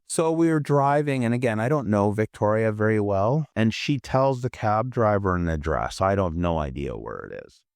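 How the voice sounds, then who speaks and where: A low-voiced man recounts a personal encounter, excitable and profane, his pitch leaping wildly between lines. He speaks close to the mic in a dry, dead room. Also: brisk, hardly any pauses, no echo. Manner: excitable, swearing, lots of fillers. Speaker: podcast host. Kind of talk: personal storytelling.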